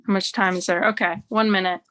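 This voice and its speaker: A woman's voice: medium pitch, fairly even intonation, fast talker, fairly bright tone. A woman performing a wry, chatty stand-up set at an online open mic, full of "like"s. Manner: wry, chatty delivery with many "like"s. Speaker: stand-up comedian. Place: remote open mic over video stream.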